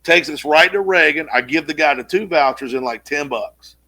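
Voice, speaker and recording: A man co-hosting a casual podcast, telling a long story in an animated way and acting out the quotes, with casual swearing. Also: fairly high pitch, moderate pace. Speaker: podcast co-host.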